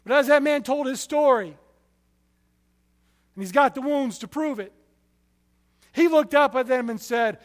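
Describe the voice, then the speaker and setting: A man preaching a sermon, telling stories with passion, his loudness rising and falling sharply. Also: very high voice, takes it slowly, long pauses, long reverb tail.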